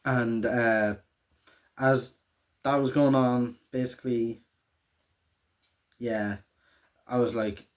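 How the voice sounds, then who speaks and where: A young man, casually recapping a show in a rambling, excitable way with a lot of swearing and laughter. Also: medium pitch, slow pace, pauses often.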